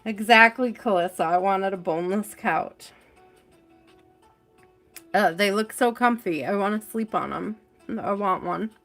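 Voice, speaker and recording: A woman's voice: mid-range voice, measured pace, pauses often, fairly bright tone, faint music behind. A woman hosting a tarot live stream from home, chatting casually, greeting viewers by name and laughing often.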